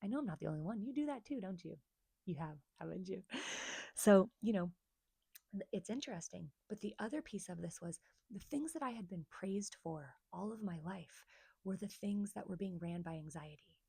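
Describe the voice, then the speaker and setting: A woman's voice: medium pitch, animated, normal speed, creaky, mellow, husky, no room sound. A woman therapist telling her own story to the camera, earnest and confiding, speaking straight to her viewers. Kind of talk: personal story vlog to camera.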